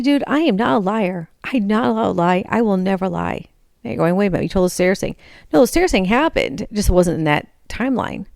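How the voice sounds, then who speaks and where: A middle-aged woman telling a rambling, exasperated story about a man she is dating, often acting out her own texts and words in a higher voice. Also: vocal fry, a little mellow, dry recording, studio quality. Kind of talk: casual storytelling rant.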